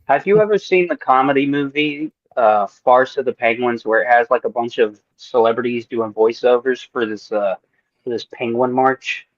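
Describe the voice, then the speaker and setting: A man co-hosting a podcast, telling stories in a casual, profane, animated way. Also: mid-range voice, moderate pace, dry recording, muffled recording. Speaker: podcast co-host. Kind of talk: casual storytelling chat.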